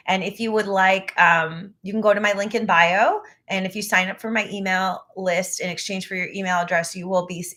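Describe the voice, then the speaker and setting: Bright and forceful at a medium pitch, a woman coaches voice in a live online ear-training session. A phlegmy throat has her clearing it frequently, and she sings short demo phrases along the way.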